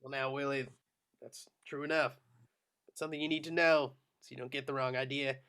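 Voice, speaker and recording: A man's voice: medium pitch, flat delivery, fairly quick, bright, forceful tone, clean tone. A man doing a brash drawling American officer. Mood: coaxing. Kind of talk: amateur script reading.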